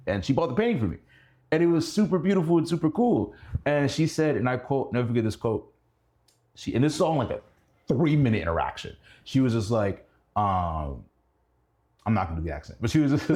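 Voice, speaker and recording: Animated young man telling stories. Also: fast talker. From Indianapolis. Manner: animated, laughing storyteller who rises high in pitch when excited. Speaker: guest. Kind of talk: casual storytelling.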